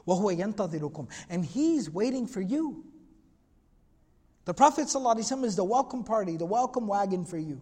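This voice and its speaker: A fast-talking man with a high, bright-pitched voice tells a historical story to a class. He reads Arabic passages, then retells them in loose, casual English. His voice rings out in a hall with a long reverb. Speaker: Islamic lecturer. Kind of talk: lecture narrating history.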